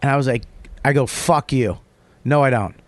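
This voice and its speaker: A man hosting a casual podcast, telling a story with heavy swearing and lively retellings. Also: mid-range voice, normal speed, dry recording. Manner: profane, rambling, animated when retelling. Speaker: podcast host.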